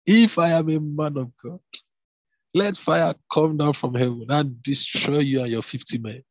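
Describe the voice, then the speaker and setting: A man's voice: a little high, steady tone, normal speed, no room sound, voice pushed up. A man voicing a stern, commanding male prophet in an emphatic, declaiming read. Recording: dull lo-fi, dry.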